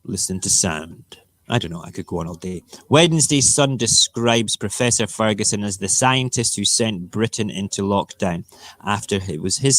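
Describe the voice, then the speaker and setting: A man's voice: fairly low pitch, fairly bright tone, no echo. A man hosting a casual live morning show, ranting, mocking and joking about the news. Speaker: radio show host. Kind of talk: casual live-stream commentary.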